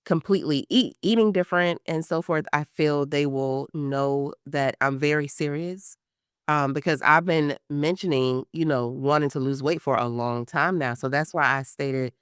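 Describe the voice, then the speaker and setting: A woman's voice: deep voice, moderate pace, clean tone, no room sound, clean studio sound. A woman in her thirties, a guest in an interview, telling a personal story with lots of fillers and acted-out quotes. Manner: animated storytelling, acts out quotes, many fillers. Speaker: guest, pre-surgery patient.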